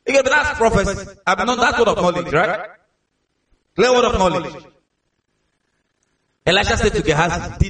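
A Nigerian man preaches a sermon with a fairly high voice. He tells stories with energy and often repeats his words. He sounds far from the mic, and his voice booms around a big echoing hall. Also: moderate pace, pauses often. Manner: lively storytelling with repeated words.

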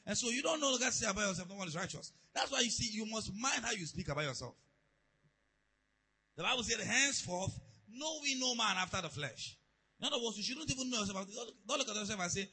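A man preaching a sermon to a church, calling out questions and leading the congregation in shouted declarations. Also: sits high, animated, fast talker, husky, low-quality recording. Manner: call-and-response, building to shouted declarations.

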